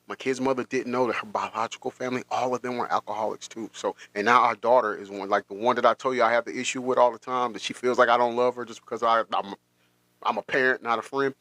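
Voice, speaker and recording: A man hosting a podcast, telling a personal story in a halting, emotional way with many restarts. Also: medium pitch, pushed and bright, dry recording. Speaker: podcast host.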